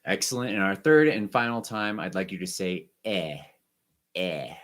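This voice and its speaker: A man teaching an online music lesson, guiding students through breathing and warm-up exercises with short, encouraging instructions. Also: fairly low pitch, animated, brisk.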